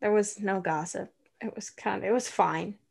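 A woman co-hosts a relaxed movie chat in a middle-pitched voice. She talks playfully and rambles, with many likes and restarts. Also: normal speed, vocal fry. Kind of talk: casual chat reviewing a movie.

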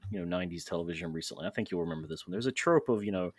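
Low-voiced man hosting a candid podcast chat. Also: very fast, dry recording. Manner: candid, self-deprecating storyteller. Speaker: podcast host. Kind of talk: casual podcast conversation.

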